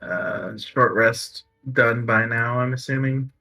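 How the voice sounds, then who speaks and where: A man's voice: medium pitch, slow pace, pushed and bright, far from the mic, faint music behind. A man playing a tabletop role-playing game, describing his character's actions in a hesitant, thinking-aloud manner. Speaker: player. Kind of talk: casual tabletop role-play.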